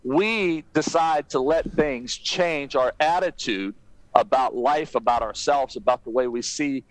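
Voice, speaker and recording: A man being interviewed as a guest on a podcast, telling stories and giving advice in an animated, emphatic way. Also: measured pace, no room sound, low-quality recording. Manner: animated, emphatic storytelling that rises in pitch at exciting moments. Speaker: guest, keynote speaker.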